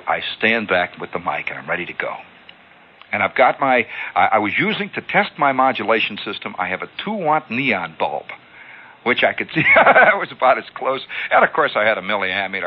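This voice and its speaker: A man hosting a radio show, telling a long story in an animated way and acting out sounds, heard on a lo-fi old broadcast. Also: on the low side. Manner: animated, acts out sounds and callouts. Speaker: radio host. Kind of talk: spoken storytelling monologue.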